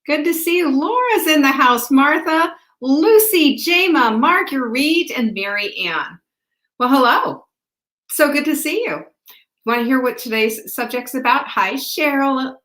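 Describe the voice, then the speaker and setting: A woman hosting a live show, chatting brightly and greeting viewers by name. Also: sits high, lively intonation, unhurried. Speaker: host. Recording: roomy echo.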